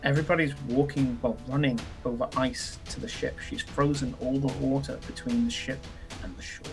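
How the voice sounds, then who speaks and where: A man's voice: mid-range voice, steady tone, brisk, music in the background. A man as game master, narrating a tabletop game in a rambling way full of ums and uhs, swearing casually.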